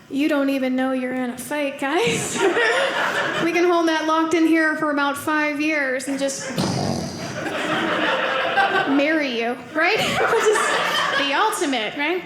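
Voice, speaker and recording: A woman works a live comedy crowd in a chatty, self-mocking way, often breaking into laughter at her own lines. Her voice sits high, and the echoey venue carries clear room noise behind her. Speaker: stand-up comedian. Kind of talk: stand-up comedy set. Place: comedy club stage before a live audience.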